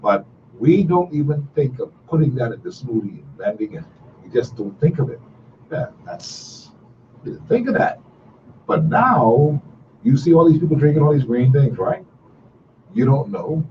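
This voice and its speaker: Middle-aged man, radio call-in host, folksy and repetitive, lively pitch, distant dull recording with hiss. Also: moderate pace. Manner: animated, repetitive, folksy storytelling. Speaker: radio talk show host. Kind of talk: casual call-in radio talk.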